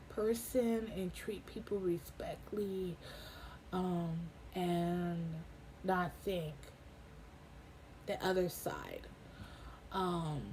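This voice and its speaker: A young woman giving a casual personal update, halting with many ums and getting emotional. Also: lowish voice, dark tone, a little hiss or hum, poor audio. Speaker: vlogger. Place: home in a hot desert town.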